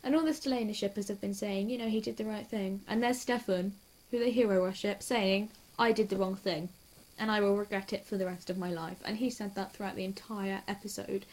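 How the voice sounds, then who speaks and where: In a casual reaction video, a young woman rambles through a TV episode scene by scene, quick to gush and prone to giggling. Her voice is mid-range and her energy hyper.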